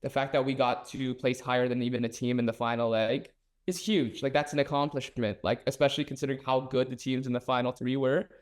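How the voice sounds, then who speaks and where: A man's voice: mid-range voice, level tone, fast talker. Upbeat young man guest. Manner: upbeat, playful. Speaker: runner-up contestant guest. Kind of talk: casual interview chat.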